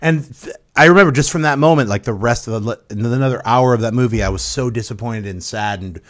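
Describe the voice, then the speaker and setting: A man co-hosting a movie talk show in casual chat, animated and jokey, often slipping into mock voices. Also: mid-range voice, fast.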